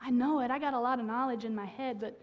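A woman with a high voice preaching a sermon. She talks earnestly and holds dramatic pauses, then breaks into sudden loud bursts. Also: highs cut off.

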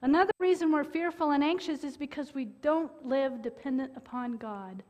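A woman preaching a sermon in an earnest way, with dramatic pauses and sudden loud bursts. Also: sits high.

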